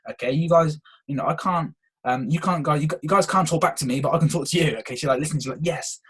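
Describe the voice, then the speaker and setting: Fast-talking husky young man. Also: fairly high pitch. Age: young adult. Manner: energetic, eager, peppers talk with "okay". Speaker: podcast host. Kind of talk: solo motivational podcast talk.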